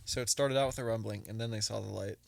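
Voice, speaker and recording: A man's voice: on the low side, fairly even intonation, fast, vocal fry, no echo. A young man hosting a casual podcast, joking and reading reports aloud to his friends. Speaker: podcast host.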